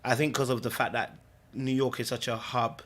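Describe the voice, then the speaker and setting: A man's voice: medium pitch, little pitch movement, moderate pace, fairly bright tone. A man talks in a loose, easygoing ramble, full of slang and restarts. He chats casually as a podcast host, circling back over his own words. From Britain. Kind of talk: casual livestream chat.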